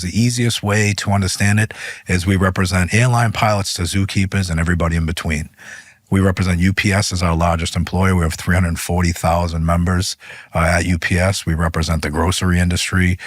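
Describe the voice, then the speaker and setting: Man, union leader guest, very low husky voice, animated storytelling. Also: no echo, studio quality. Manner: animated, voice rises when retelling arguments. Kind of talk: interview storytelling.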